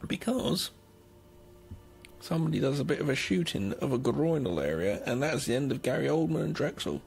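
A man's voice: medium pitch, lively intonation, normal speed, vocal fry, a little mellow, breathy edge. A man co-hosting a podcast, chatting casually about a film with jokey asides. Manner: jokey asides and playful commentary. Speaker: podcast co-host. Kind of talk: casual movie recap chat.

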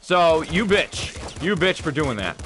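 A young man streaming a video game, talking casually with a profane, excitable manner and laughing often. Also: a little high, slow, slight background noise. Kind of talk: casual livestream commentary.

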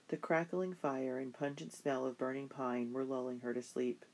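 A middle-pitched voice reads a children's historical novel aloud. The delivery is steady, like a bedtime story, with only light voicing for the characters. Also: normal speed. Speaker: narrator. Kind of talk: audiobook narration of a children's novel.

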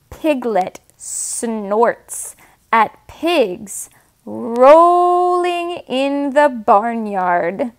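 A woman reads farm picture books to toddlers, high-pitched and sing-song. She goes very slowly, pausing over each word and making animal sounds for the little ones. The tone is gentle and encouraging, like a storytime leader. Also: very animated.

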